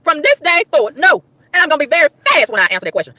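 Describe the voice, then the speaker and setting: Woman ranting to her chat, bright sharp voice, pitch all over the place, whoops a lot. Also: racing, no room sound. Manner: animated, emphatic, exasperated storytelling with whoops. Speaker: livestreamer reading chat. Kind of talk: casual livestream rant.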